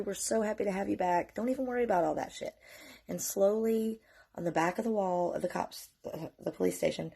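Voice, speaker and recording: Middle-aged mom with a lowish voice telling a storytime vlog, emotional, swears a lot, trying not to cry. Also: female voice, a little mellow. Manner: earnest, emotional, candid, with frequent swearing. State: holding back tears. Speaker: mother telling her family's story.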